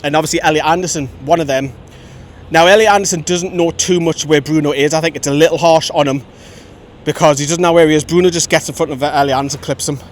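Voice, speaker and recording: Fan-channel host, slightly high voice, opinionated chat outdoors with faint traffic behind. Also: male voice, fast talker. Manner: chatty, opinionated, lively storytelling. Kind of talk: outdoor post-match fan reaction. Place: outdoors by a road after a match. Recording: faint traffic rumble outside.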